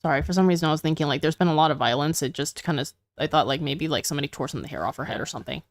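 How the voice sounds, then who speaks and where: A woman's voice: sits low, racing. A woman chatting casually and joking as she reacts to a story reading, with a lot of "like" and "you know". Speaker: co-host reacting.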